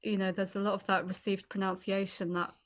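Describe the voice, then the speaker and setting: Relaxed young woman guest, encouraging. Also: medium pitch, a little fast. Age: young adult. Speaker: guest artist. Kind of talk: casual interview chat.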